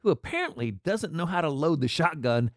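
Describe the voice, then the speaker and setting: Man, ranting commentary, sarcastic, slightly higher voice, dry sound. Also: very animated, brisk, no echo. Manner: mocking, sarcastic. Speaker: political commentator.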